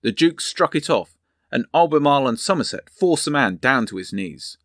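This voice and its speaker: A man narrating history in a measured storytelling manner. His pitch moves in a lively way through each sentence. The recording is dry and close. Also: dry recording. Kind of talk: reading history and a novel aloud.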